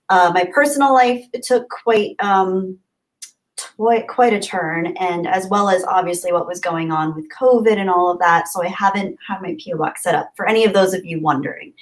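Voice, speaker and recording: Woman, livestream host, casual chat, gushing, friendly, young adult. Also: mid-range voice. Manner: warm, gushing, chatty with frequent laughs.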